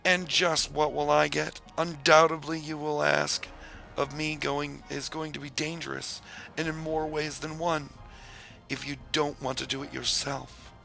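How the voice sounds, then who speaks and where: A man's voice: fairly high pitch, flat delivery, measured pace, gravelly, sharp tone, soft background music, exaggerated voice. A man voicing a touchy, skeptical male fae mage who speaks with dry sarcasm.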